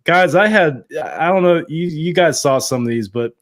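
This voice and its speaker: A man with a slightly higher voice hosts a loose sports podcast chat. He jokes his way through a fan contest and its punishments. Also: animated, normal speed. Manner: joking, running a contest segment. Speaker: podcast host. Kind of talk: casual chat.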